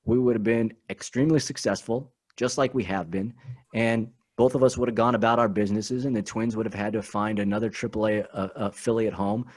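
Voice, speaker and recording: A man as a podcast guest, talking in an animated, emphatic way and often repeating his words. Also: lowish voice, brisk. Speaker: guest, team spokesman. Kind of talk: casual podcast chat.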